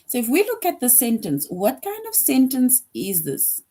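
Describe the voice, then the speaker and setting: A woman's voice: sits high, wildly swooping pitch, normal speed, warm tone. Patient woman teaching young kids. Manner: patient, repeats each point, frequent "right?". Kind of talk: grade school grammar lesson.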